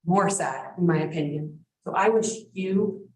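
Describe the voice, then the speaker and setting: A woman's voice: on the low side, unhurried, a little hiss or hum. A woman speaking earnestly in defense of someone during public comment at a town meeting. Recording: echoey room, distant mic.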